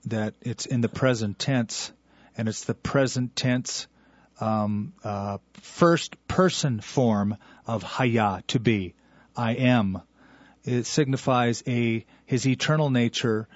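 A man's voice: medium pitch, no room sound, muffled recording. A man teaching as a radio Bible host, explaining a verse to a caller in an earnest, lecturing way.

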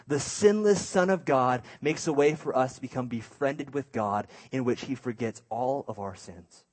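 Husky-voiced man telling a story. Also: medium pitch. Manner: animated, self-mocking storytelling; drops to a hushed voice for inner thoughts. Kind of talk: personal story in a sermon.

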